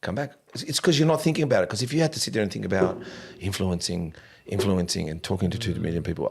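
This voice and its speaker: A man hosting a podcast, telling stories in a lively casual way and swearing freely. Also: low-pitched, fast talker, vocal fry, breathy edge. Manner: animated storyteller, swears casually, laughs often. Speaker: podcast host.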